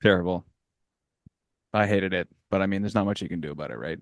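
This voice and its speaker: A man's voice: sits low, quick pace, no echo, clean studio sound. A man from Canada co-hosting a podcast, giving easygoing, brief replies in casual chat. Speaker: podcast co-host.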